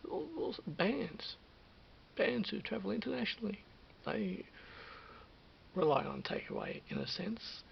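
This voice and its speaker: An Australian man in his fifties rambling through a late-night vlog, full of restarts and repeats. His voice is gravelly, slightly high, and swings widely in pitch. The recording is dull and lo-fi with a faint hiss. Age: 50s. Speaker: vlogger. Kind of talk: rambling monologue.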